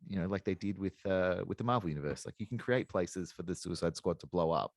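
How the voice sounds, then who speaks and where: A man's voice: low-pitched, fast, no room sound, clean studio sound. A man co-hosting a podcast in casual chat, rambling and thinking aloud as he goes. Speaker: podcast co-host.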